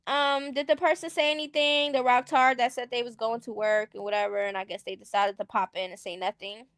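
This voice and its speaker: Brief: high-pitched woman streamer, sassy and blunt, dry close sound. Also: steady tone, brisk, fairly bright tone, no room sound. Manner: blunt, sassy, laughs often. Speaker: stream host. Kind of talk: casual commentary chat.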